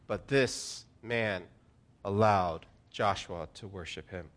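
A man preaching a sermon as pastor, with an earnest delivery that swings between hushed and emphatic. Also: fairly low pitch, slow pace.

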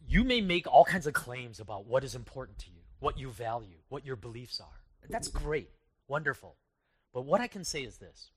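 Guy preaching a sermon, chatty and self-deprecating, mid pitch, goes loud then drops real quiet. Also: sing-song, moderate pace, husky. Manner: conversational and self-deprecating, with dramatic loud-soft swings. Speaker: pastor.

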